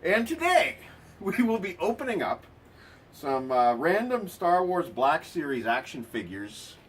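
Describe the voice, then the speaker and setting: A man's voice: fairly high pitch, big pitch swings, unhurried, husky. A man hosting a casual toy unboxing video, talking with dry, sarcastic remarks and lots of ums and uhs.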